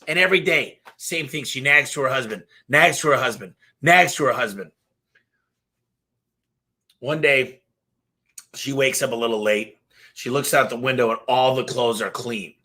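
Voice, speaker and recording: A man's voice: mid-range voice, moderate pace, pauses often, sharp tone. A man hosting a live Q&A, talking casually and passionately, telling stories with lots of energy and the odd swear word. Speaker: business owner hosting a live Q&A. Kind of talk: casual live-stream talk and storytelling.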